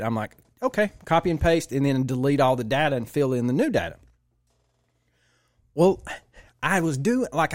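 A man's voice: medium pitch, no room sound, clean studio sound. A man telling a long work story in casual podcast chat, animatedly mimicking the people in it. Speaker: podcast co-host.

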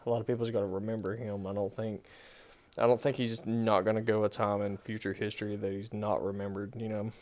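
A man co-hosting a relaxed podcast, reading out viewer comments between his own remarks. He talks hesitantly with a lot of "uh" and restarts, in a fairly low voice. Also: fairly quick. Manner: hesitant, many restarts and fillers. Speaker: podcast co-host.

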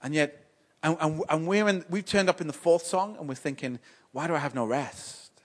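A man preaching a sermon in church, emphatic and repetitive, stammering on restarts and swinging between loud exhortation and soft, slow moments. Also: fairly high pitch. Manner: emphatic, repeats and builds phrases, stammers on restarts.

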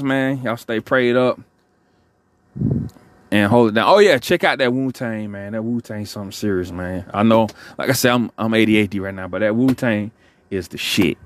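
A man hosting a podcast, rambling in relaxed slangy talk as he signs off. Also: mid-range voice, dry recording. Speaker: podcast host. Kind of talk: casual podcast sign-off.

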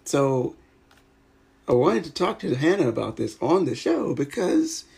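A man's voice: on the high side, sing-song, a little slow, vocal fry, darkish tone, husky. An American man hosting a podcast, chatting casually and rambling with many fillers and restarts. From United States. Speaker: podcast host. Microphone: remote video call.

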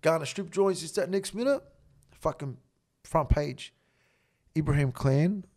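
A man, a guest telling a story in casual, profane, animated talk. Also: fairly high pitch, measured pace. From Australia.

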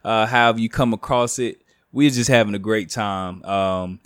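A man's voice: on the low side, moderate pace, clean tone, no echo, clean studio sound. A man in his late thirties hosting a podcast in a laid-back, joking way, talking plainly about faith and family. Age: 30s. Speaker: podcast host. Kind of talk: casual chat.

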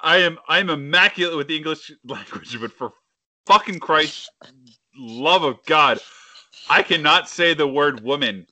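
A man's voice: fairly high pitch, expressive, measured pace, bright, forceful tone, dry recording. A man with a Philadelphia accent co-hosting a casual sports podcast, brash and joking, swearing freely. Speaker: podcast co-host.

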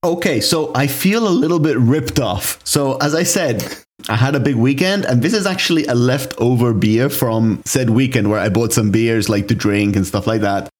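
A young man co-hosting a podcast, talking easily at a middle pitch. He tells his stories in a loose, chatty way and fills them with casual asides. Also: normal speed. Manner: relaxed storytelling, frequent "like" fillers. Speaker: podcast co-host. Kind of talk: casual chat.

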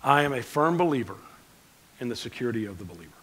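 A man preaching a conversational sermon as pastor, swinging between loud emphasis and quiet asides. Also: medium pitch, big pitch swings, quick pace, breathy edge, low-quality recording.

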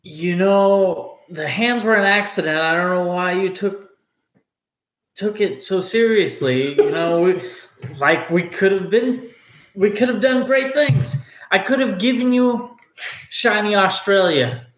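High-voiced male player, goofy and rambling, roomy sound. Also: a little slow, fairly bright tone. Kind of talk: casual tabletop game banter. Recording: echoey room.

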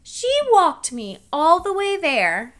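A young woman co-hosting a podcast, telling a travel story in a casual, animated way and acting out the dialogue. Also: sits high, slow pace. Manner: animated storyteller, acts out dialogue, laughs often. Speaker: podcast co-host.

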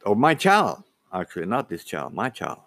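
A man telling a personal story casually, halting, with frequent restarts and repeated words. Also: lowish voice, wildly swooping pitch, vocal fry, fairly bright tone, no room sound. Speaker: vlogger.

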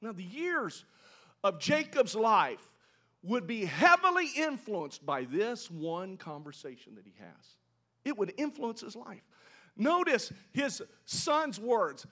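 A man preaching a sermon, telling a scripture story with animated delivery and asking his listeners questions. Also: high voice, takes it slowly. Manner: animated storytelling, voices quoted characters, asks the congregation questions. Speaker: pastor.

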